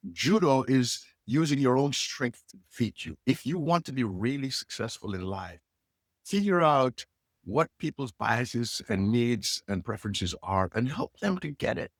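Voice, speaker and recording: A middle-aged man, a leadership coach, telling stories with lively inflection and acting out the dialogue. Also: medium pitch, no room sound, studio quality. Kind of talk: animated storytelling.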